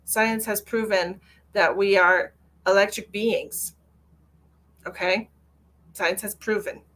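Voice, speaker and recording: A woman's voice: mid-range voice, fairly even intonation, slow, a bit bright. A woman psychic medium on a live stream, answering viewer comments in a blunt, lecturing way and repeating phrases for emphasis. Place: at home with her cat.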